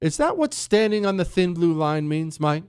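A man hosting an opinion talk show, sarcastic and emphatic, jumping between mock excitement and flat scorn. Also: fairly high pitch, moderate pace, slight background noise.

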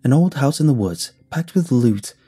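A man's voice: medium pitch, lively intonation, normal speed, mellow, slightly rough, voice pushed up. A man voicing a brash, mocking male treasure hunter who plays up to a camera audience in a storytelling video. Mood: mocking, boastful.

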